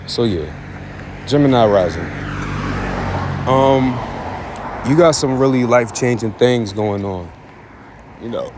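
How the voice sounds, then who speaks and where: A man's voice: medium pitch, expressive, takes it slowly, pauses often, noisy background. A man giving a casual astrology forecast outdoors while on the move, rambling loosely and repeating himself with lots of fillers. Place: outdoors in an urban area, walking.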